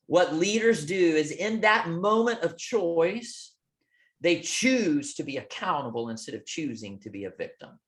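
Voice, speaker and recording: A man coaching with a motivational talk, telling a story in an emphatic, preacher-like rhythm. He keeps asking "okay?" and moves between loud and soft. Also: high-pitched. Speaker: real estate coach.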